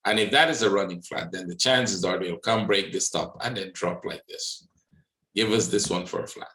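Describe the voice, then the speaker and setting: A man hosting a trading webinar, walking through charts live and thinking aloud, often checking in with a quick "right?". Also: deep voice, pushed and bright, roomy sound, poor audio. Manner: thinks aloud, many "right?" tag questions. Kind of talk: live market analysis walkthrough.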